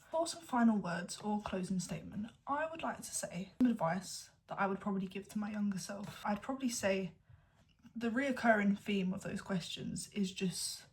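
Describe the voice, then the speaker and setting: A young woman in her late teens with an English accent, chatting candidly to camera at home, at times dropping to a hushed whisper. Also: mid-range voice. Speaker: vlogger. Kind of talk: casual chat to camera.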